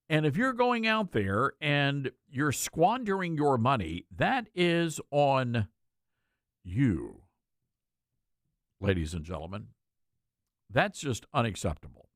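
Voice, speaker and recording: A man's voice: medium pitch, a bit bright, no room sound, clean studio sound. A man hosting a talk radio show, speaking in an emphatic, folksy way.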